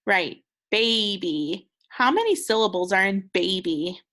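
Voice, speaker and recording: A woman's voice: medium pitch, animated, unhurried, fairly bright tone. A young woman teaching second graders a recorded phonics lesson, patient and encouraging, sounding out words with care.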